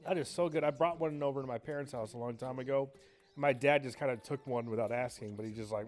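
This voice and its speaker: A man's voice: medium pitch, fairly quick. A man chatting casually while streaming a game, rambling and swearing, with faint game music behind him. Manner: rambling, profane, excitable. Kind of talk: casual chat while gaming.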